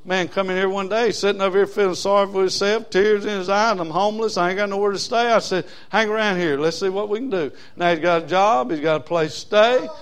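A man preaching a sermon as pastor, folksy, swinging from loud emphasis to low asides. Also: quick pace, hardly any pauses, clear, resonant tone.

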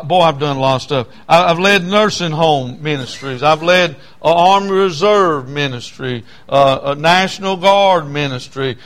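A man preaches a storytelling sermon in a voice high for a male. His delivery is folksy and repetitive, growing loud when he gets stirred up.

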